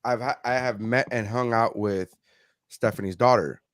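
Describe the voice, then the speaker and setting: A man's voice: mid-range voice, fairly even intonation, moderate pace, no room sound, clean studio sound. A man co-hosting a podcast, telling a long profane story in casual chat with lots of quoted voices. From South Florida. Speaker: podcast co-host, comedian.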